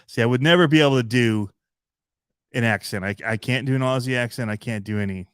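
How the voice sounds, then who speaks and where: A man hosting a hobby channel livestream, chatting in a rambling, relaxed way with lots of fillers and little laughs. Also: mid-range voice, moderate pace, smooth, dry recording, clean studio sound. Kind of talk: casual livestream chat.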